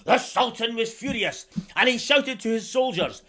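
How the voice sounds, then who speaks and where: A man's voice: high voice, animated, unhurried, fairly bright tone, slight background noise. A man telling a story to children, theatrical and drawing the listeners in to join along. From Scotland. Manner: theatrical, asks the young audience to join in.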